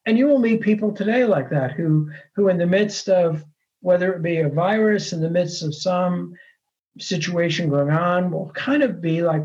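High-voiced preaching man, muffled sound. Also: a little mellow. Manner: earnest, measured preaching with frequent verbal restarts. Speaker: pastor. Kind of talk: sermon.

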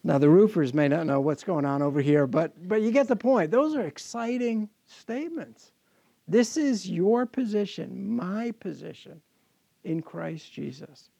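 A man's voice: high-pitched, expressive, unhurried, vocal fry, mellow, breathy edge, no room sound, dull audio. A man preaching a sermon as pastor to his congregation, earnest and often repeating words as he restarts.

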